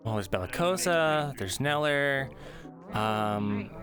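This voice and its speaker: A man role-playing in character, talking with teammates in an animated, caring and slightly bossy way. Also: medium pitch, slow pace. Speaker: role-play player. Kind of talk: in-character role-play chat. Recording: music playing behind.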